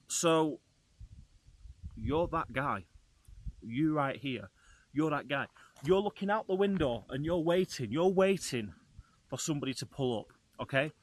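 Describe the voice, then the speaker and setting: A man, a travel vlogger, telling a story to camera in a lively, chatty way and talking straight to his viewers. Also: a little high, measured pace, long pauses.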